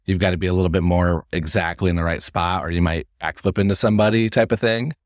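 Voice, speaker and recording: A man's voice: deep voice, steady tone, fast, dry recording, studio quality. A man hosting a podcast who asks long, rambling questions in casual conversation. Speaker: podcast host. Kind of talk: casual interview.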